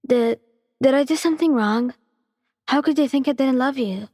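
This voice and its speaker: A woman's voice: sits high, normal speed, a little mellow, clean studio sound, voice pushed up. A woman playing a frightened, pleading young girlfriend. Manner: pleading, stammering. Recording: breathy voice with long reverb.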